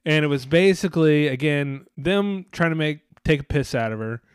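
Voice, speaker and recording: A man chatting on a podcast in a rambling, sarcastic way, cursing freely and slipping into mocking voices of other people. His voice sits a little higher than most men's, and the recording is dry and close with no room sound. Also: normal speed, clear, resonant tone, no echo. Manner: rambling, sarcastic, swears a lot, mimics others. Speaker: podcast co-host. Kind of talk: casual profane chat.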